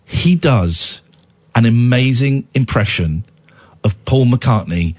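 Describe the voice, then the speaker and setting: A man's voice: mid-range voice, animated, takes it slowly, darkish tone. A man hosting late-night talk radio, tired with a cold, talking in a playful, mock-indignant way. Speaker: radio host.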